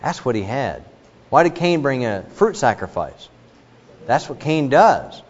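A man preaching a sermon in an animated, questioning manner, with asides to the congregation. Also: medium pitch, unhurried. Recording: dull recording with long hall reverb.

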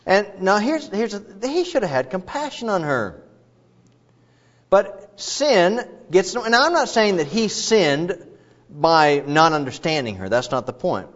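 A man's voice: sits high, big pitch swings, measured pace. A man preaching an expository sermon in a conversational, digressive way with frequent asides. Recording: dull lo-fi recording.

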